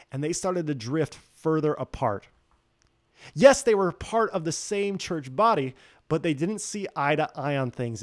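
Man preaching, slightly high voice, playful storytelling, dry close sound. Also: no echo. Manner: joking storyteller, acts out quoted voices. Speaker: pastor. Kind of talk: sermon.

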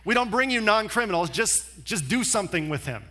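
A man's voice: high-pitched, very animated, fairly quick, bright, forceful tone, exaggerated voice. A man voicing scheming religious leaders who sound insistent and defensive.

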